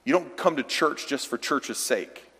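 A man preaches with firm, direct exhortation at a middle pitch. His voice carries a long reverb from a large church hall. The delivery is plainly that of a pastor from the pulpit. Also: expressive, unhurried, bright, forceful tone, slightly rough. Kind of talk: sermon. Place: church sanctuary.

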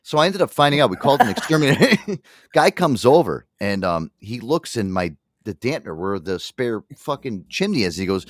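A man hosting a live show from his home studio, telling a long story in a profane, animated way. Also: medium pitch, brisk, no room sound. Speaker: radio show host. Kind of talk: casual live radio banter.

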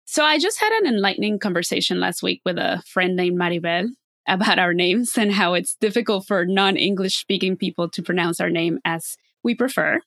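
A woman's voice: on the low side, lively intonation, fairly quick, fairly bright tone, no echo, clean studio sound. A woman hosting an interview podcast, asking questions in a friendly conversational way. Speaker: podcast host.

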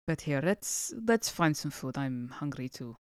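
A woman's voice: very deep voice, lively intonation, measured pace, clean tone, no echo, studio quality. A woman playing a tabletop game, giggly and encouraging toward the others. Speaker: player. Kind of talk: casual tabletop play.

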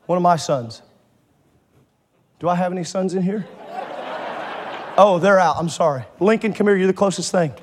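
A pastor in his forties preaching a sermon to a congregation in church, passionate and building to shouts. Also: high voice, normal speed, pauses often, a little hiss or hum. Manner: impassioned, builds to shouting, stretches key phrases. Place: church sanctuary before a congregation.

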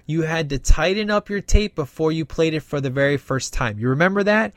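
A man's voice: a little high, lively intonation, brisk, no echo, clean studio sound. A man casually reviewing a film in a rambling, enthusiastic way, with many fillers. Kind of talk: casual movie review monologue.

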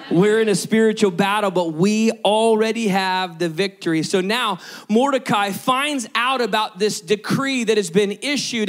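A male pastor preaching a lively sermon and calling on the congregation to respond. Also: high-pitched, normal speed.

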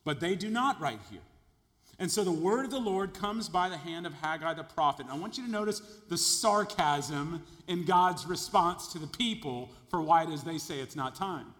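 An emphatic male pastor preaches a sermon, his voice sitting a little high for a man. He builds his points to loud peaks, and a long reverb hangs behind every phrase as in a large sanctuary. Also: animated, normal speed. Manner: emphatic, builds in volume, repeats words.

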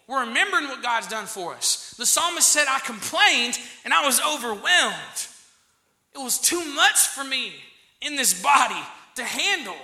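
A male pastor with a very high, sharply bright voice, preaching with passion. He hammers phrases through repetition and builds to loud outbursts. The sound rings in an echoey church room. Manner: impassioned preaching, repeats key phrases and swells to loud exclamations. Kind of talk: sermon.

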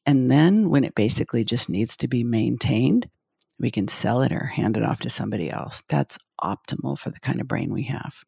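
A gravelly, husky voice belonging to a confident entrepreneur guest on a podcast. The speaker explains ideas in a self-assured, explanatory way. The recording is dry and close. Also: mid-range voice, lively intonation, moderate pace, dark tone, no echo. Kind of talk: conversational interview answers.

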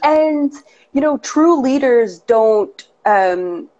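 Effusive woman host, forties, animated pitch, dull recording. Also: drawn-out words. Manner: effusive, emotional praise. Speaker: interviewer. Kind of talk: casual interview chat.

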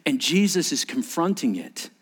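A man preaching a sermon as pastor, animated and acting out scenes, often restarting his words. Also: a little high, normal speed, long reverb tail.

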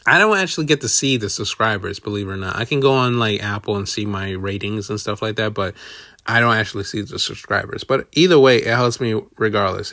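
A man's voice: on the low side, a bit bright, no room sound, clean studio sound. A man hosting a solo podcast, rambling casually with lots of swearing and self-deprecating asides. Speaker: podcast host.

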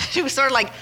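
Bright-voiced woman telling chatty stories. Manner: chatty, laughs often, animated quoting. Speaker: podcast host. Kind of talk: casual storytelling monologue.

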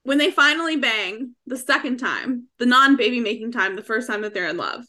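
A young woman co-hosting a casual book-club podcast, her voice bright and a little high. She gushes freely, talks frankly and laughs often. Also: fairly quick. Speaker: podcast co-host.

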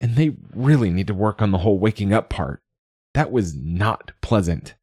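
Guy voicing a croaky young woman, words tumbling out fast, pitched way up. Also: expressive, darkish tone, dry recording, studio quality. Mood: shaky relief. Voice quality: strained, croaking voice. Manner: rapid cascade of words. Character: young adult daughter, shaken but quick-talking.

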